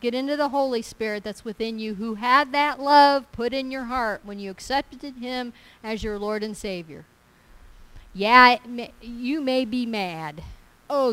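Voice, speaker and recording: A woman's voice: fairly high pitch, fairly bright tone, poor audio. A woman preaching a sermon in an emphatic, conversational way, repeating her phrases for weight.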